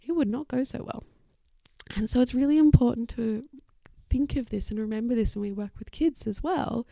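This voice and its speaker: Dark-toned woman with a gravelly edge. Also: fairly high pitch, normal speed, no echo. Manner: warm explanatory, acts out little quoted voices. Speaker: occupational therapist podcast host. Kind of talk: casual educational talk.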